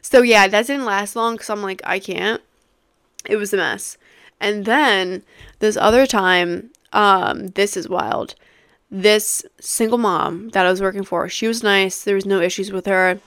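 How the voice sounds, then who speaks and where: A woman in her twenties hosting a podcast, telling a story in a casual, animated way, swearing freely and using many fillers. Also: medium pitch, measured pace, smooth, dry recording, studio quality. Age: 20s. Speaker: podcast host.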